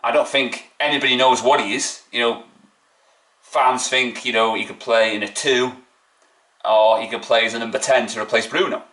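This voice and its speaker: Indignant football fan ranting. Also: male voice, medium pitch, steady tone, normal speed, fairly bright tone, reverberant. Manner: indignant, mocking, rhetorical. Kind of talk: opinionated fan rant.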